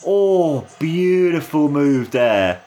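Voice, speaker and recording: A young man giving an excited watch-along commentary and review of a wrestling match, gushing and enthusiastic, with lots of fillers. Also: a little high, extremely slow.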